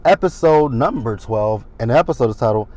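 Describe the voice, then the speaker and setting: Guy in his 30s doing a sassy reality tv recap, chatty, medium pitched voice. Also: lively intonation, fairly quick, a little mellow. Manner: chatty, sassy, dramatic asides. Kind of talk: casual recap commentary.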